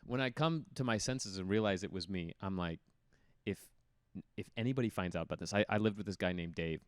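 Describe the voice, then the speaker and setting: A man in his thirties, a former college hockey player, is a guest in a casual interview, animatedly telling stories and acting out voices in his anecdotes. His low-pitched, smooth voice is a little fast, captured in a dry, clean studio recording.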